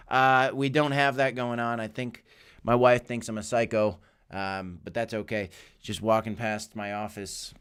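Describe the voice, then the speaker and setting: Broadcasting live from his home office, a crypto streamer jokes around and chats with viewers while commenting on the market and reading their messages. He speaks in a smooth, mid-range voice that's a bit bright.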